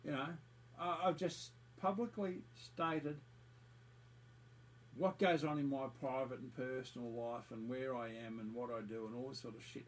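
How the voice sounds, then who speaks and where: Aussie man, mid-pitch, sweary scornful monologue rant, circles back on itself. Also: slight background noise, poor audio. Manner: profane, repetitive, scornful. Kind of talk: angry ranting monologue.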